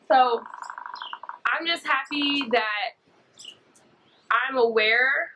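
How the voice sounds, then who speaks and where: Bright-voiced young woman telling a story. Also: fairly high pitch, normal speed, highs cut off, slight background noise. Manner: rambling, filler-heavy storytelling. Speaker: vlogger. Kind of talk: story-time vlog.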